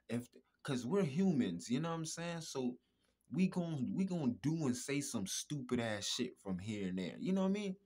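A man talking in a casual podcast monologue, emphatic, repetitive and profane, with a husky voice. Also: a little high, a little mellow. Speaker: podcast host.

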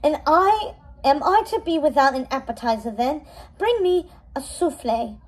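A woman's voice: high-pitched, animated, measured pace, poor audio. A woman reading aloud as a teenage princess who snaps out cold, demanding orders. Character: teenage princess, defiant but unsure.

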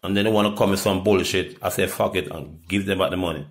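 Ranting Jamaican man, loud then muttering. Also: fairly even intonation, quick pace. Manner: profane ranting, swinging from loud outbursts to low mutters. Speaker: reggae artist. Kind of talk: rambling monologue.

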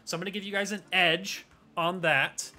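A man's voice: high voice, steady tone, normal speed, bright, forceful tone. A man narrating as game master for a tabletop game, rambling loosely with hedges.

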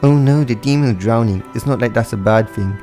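A man's voice: mid-range voice, fairly quick, dark tone, faint music behind, close to an everyday voice. A man voicing a cruel teenage girl who mocks and gloats for a fan storybook reading. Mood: mocking. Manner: mocking.

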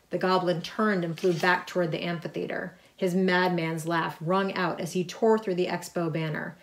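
A middle-aged woman with a fairly low voice reads her picture book aloud to children. She is lively and chatty, breaking off to point out the pictures. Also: normal speed, hardly any pauses. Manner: lively reading, chatty asides about the pictures. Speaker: author reading her book. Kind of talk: storybook read-aloud.

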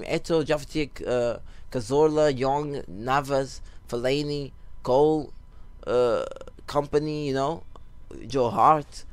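A young man telling a rambling story while giving casual commentary over a football video game, breaking off for excited goal calls. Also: medium pitch, dry recording. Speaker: gaming YouTuber.

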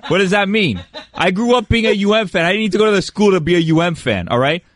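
A man's voice: high voice, animated, no echo, voice pushed up. A man doing a cocky Miami bro. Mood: boastful. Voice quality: swaggering, slangy, drawn-out "bro". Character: brash young Miami bro superfan, cocky. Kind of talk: comedic character bit on radio.

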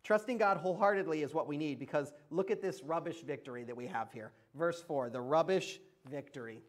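A man preaching in a church, his voice sitting noticeably high for a man. He keeps the sermon conversational, with frequent laughs and emphatic asides to the congregation. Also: brisk. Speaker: pastor.

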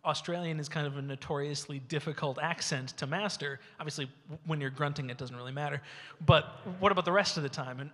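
A man's voice: on the high side, a bit bright. A man in the audience asking a panel a question, a bit hesitant and restarting his phrases. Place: large convention hall. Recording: echoey hall reverb.

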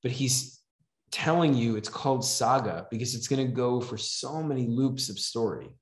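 A man's voice: medium pitch, normal speed. A man teaching a comics writing class in a casual, rambling way, with many fillers, reading comic dialogue aloud. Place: house event room. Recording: roomy echo.

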